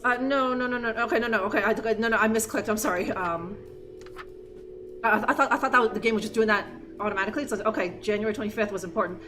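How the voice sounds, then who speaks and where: A young woman live-streaming a game with a fairly high voice, rambling along and cursing between half-finished thoughts. Game music plays clearly behind her. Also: fast talker. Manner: rambling, profane, self-interrupting.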